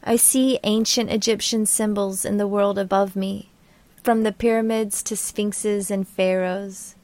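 Flat-voiced woman reading a dreamy memoir. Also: medium pitch, measured pace, no echo. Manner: dreamy, poetic. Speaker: narrator.

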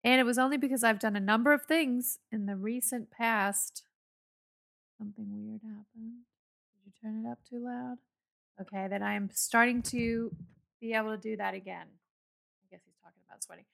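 Wry woman with heavy vocal fry. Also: a little high, fairly even intonation, normal speed, fairly bright tone. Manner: wry, sarcastic. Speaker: podcast co-host. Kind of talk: reading news stories aloud with commentary.

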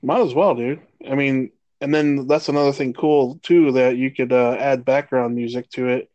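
A man in his thirties co-hosting a laid-back sports podcast, cursing freely as he rants. His voice sits at an ordinary pitch and the recording is dry and close, with no room sound. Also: moderate pace, no echo, lo-fi sound. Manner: profane, animated rants. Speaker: podcast co-host. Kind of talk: casual sports chat.

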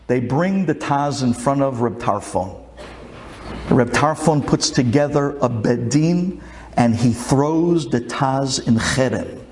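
A man telling a religious folk tale in an animated, dramatic way. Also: medium pitch, slow pace, slight background noise. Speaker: storyteller.

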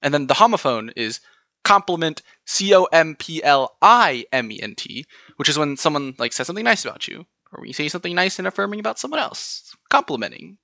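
A man's voice: a little high, very animated, brisk, creaky, bright, forceful tone, dry recording. A man with a General American accent hosting a solo podcast, chatting through word lists and spelling words out letter by letter. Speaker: podcast host.

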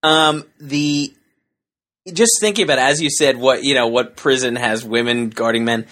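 A man's voice: mid-range voice, moderate pace, fairly bright tone. A man co-hosting a comedy podcast, telling rambling anecdotes full of restarts and asides. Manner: rambling storyteller, many restarts. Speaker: podcast co-host. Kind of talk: casual comedic chat.

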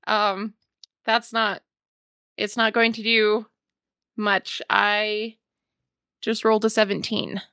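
Bright, slow-talking woman player. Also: mid-range voice, flat delivery, clear, resonant tone, no echo, studio quality. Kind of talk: tabletop game play.

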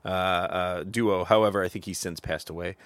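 A man's voice: low voice, fairly even intonation, normal speed, fairly bright tone, dry recording. A man hosting a casual podcast, reading out news with lots of fillers and frequent laughter. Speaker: podcast host. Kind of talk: casual chat.

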